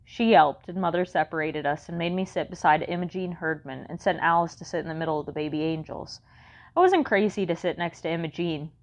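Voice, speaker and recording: A woman's voice: sits low, brisk. A woman narrating a children's story in the first person with a wry, conversational manner. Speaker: audiobook narrator.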